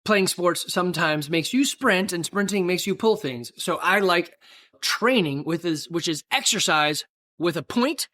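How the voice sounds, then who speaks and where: A man's voice: sits high, expressive, unhurried, pushed and bright. A middle-aged man hosting a casual solo podcast, talking in a rambling, folksy, self-deprecating way with asides. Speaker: podcast host and gym owner.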